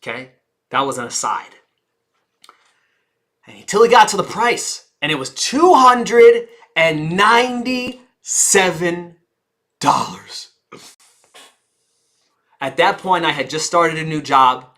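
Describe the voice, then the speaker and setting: A woman speaking coach teaching a live audience, theatrical and engaging, who deliberately slows down, drops her volume and pauses for effect, and puts questions to the listeners. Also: lowish voice, animated, fairly bright tone. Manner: theatrical, shifts pace and volume on purpose, dramatic pauses.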